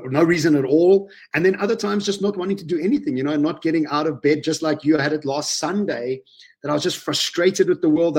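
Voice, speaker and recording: A man, telling personal stories in an animated, emotional way as a guest on a casual webinar interview. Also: a little high. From South Africa.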